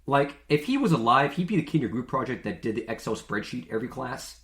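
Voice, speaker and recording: A man's voice: medium pitch, lively intonation, fast, a bit bright. A man hosting a podcast in a casual monologue, chatty and jokey with lots of filler words. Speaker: podcast host. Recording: echoey room.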